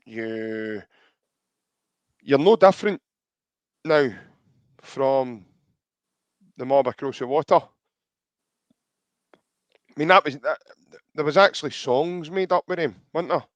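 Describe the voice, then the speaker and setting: A chatty Scottish man hosts a casual podcast, reading listener comments aloud and calling his co-host mate. His voice sits a little high. The recording is dry and a bit dull, like a lo-fi mic. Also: slow, long pauses, no echo.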